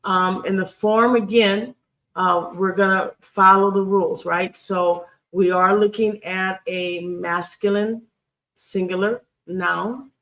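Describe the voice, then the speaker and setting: A Hebrew grammar instructor teaching a screen-share lesson, deliberate and repeating key phrases with frequent ums. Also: mid-range voice, fairly even intonation, a bit bright.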